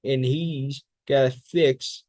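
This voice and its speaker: A man's voice: medium pitch, steady tone, slow, darkish tone, no room sound. A man in a public speaking class, reciting a political speech as fiery oratory full of rhetorical questions and repeated phrases.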